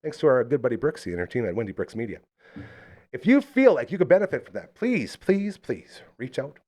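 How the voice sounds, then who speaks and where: A man's voice: mid-range voice, very animated, a little fast, darkish tone. A man hosting a live local podcast, chatting casually and rambling through enthusiastic sponsor plugs. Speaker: podcast host.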